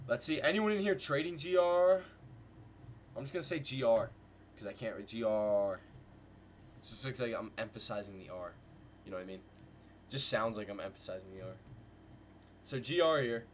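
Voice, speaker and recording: A man hosting a live trading stream, calling market moves to his viewers in a hyped, slangy way and repeating phrases in quick bursts. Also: medium pitch, a little hiss or hum. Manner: hyped, slangy, talks to chat with "guys" and "bro". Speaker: trading livestream host. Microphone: desk mic with headphones.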